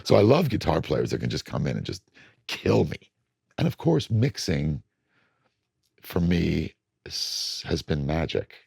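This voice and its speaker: Older male producer, very low gravelly voice, husky, lively delivery, dry close sound. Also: measured pace, long pauses, no room sound. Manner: animated storytelling, acts out studio voices. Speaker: record producer. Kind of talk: casual interview talk.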